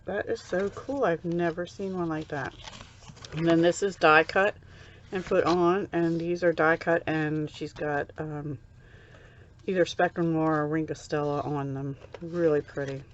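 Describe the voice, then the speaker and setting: A woman's voice: low voice, fairly even intonation, measured pace, highs cut off, a little hiss or hum. A middle-aged woman from the USA chatting casually on her crafting vlog, gushing and easily touched as she unboxes handmade cards at home. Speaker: crafting vlogger.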